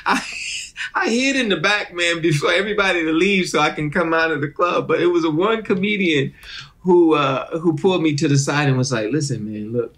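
A middle-aged man, a comedian guest telling animated stories in a casual interview. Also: fairly high pitch, fairly quick. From Detroit, USA. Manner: animated storyteller who acts out other people's voices.

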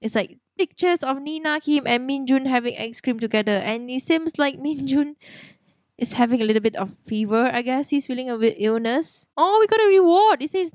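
A young woman hosting a let's play, narrating a life-sim game in a bubbly, excitable way. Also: high voice, brisk, dry recording, clean studio sound. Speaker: gaming channel host.

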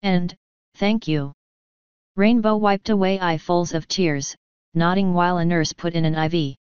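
A woman narrating a story in a measured, even way. Her voice sits low and comes across very clean and smooth. The recording is close and dry, with a dull, lo-fi sound. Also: no room sound. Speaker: fanfiction reader.

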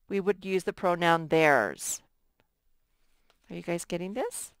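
Slow, patient woman teaching first graders. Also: on the low side, smooth, dry recording, clean studio sound. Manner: slow, patient, sounds out letters and stretches words. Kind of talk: recorded lesson for young students.

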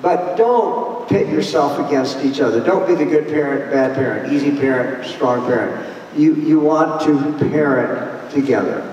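A man's voice: on the high side, a little slow, darkish tone, dull audio, a little hiss or hum. A man speaking at a church conference, telling parenting stories with quoted dialogue in a plain, down-to-earth way. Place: church hall. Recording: echoey hall from far off.

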